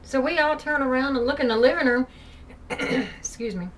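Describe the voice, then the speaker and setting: A woman's voice: high-pitched, normal speed, a bit bright. A woman vlogger at home, chatting loosely through a ghost story and filling her talk with "you know". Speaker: vlogger telling ghost stories. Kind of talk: casual spoken storytelling. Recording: distant mic, faint background hiss.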